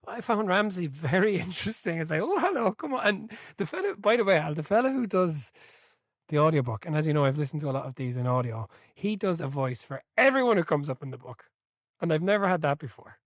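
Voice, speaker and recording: Animated man telling football stories. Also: fairly high pitch, fast, no echo. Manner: animated storyteller, swears, laughs mid-sentence. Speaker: podcast co-host. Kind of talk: casual chat about a football book.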